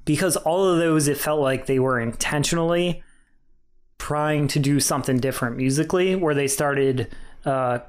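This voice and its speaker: A man's voice: a little high, normal speed. A young man co-hosting a podcast, giving candid, rambling opinions in casual chat. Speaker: podcast co-host.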